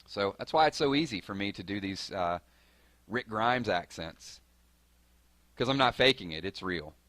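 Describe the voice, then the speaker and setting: Southern guy from georgia on a live stream, low but bright punchy voice, talks fast, dry close sound. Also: no echo. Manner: fast-talking, excitable, answers chat. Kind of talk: casual live-stream chat.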